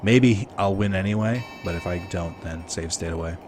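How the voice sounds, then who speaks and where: Low-voiced, swearing gamer guy. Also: moderate pace, darkish tone, soft background music. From Minnesota. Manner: profane, laughing, chatting with viewers. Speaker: let's play streamer. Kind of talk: casual gameplay commentary.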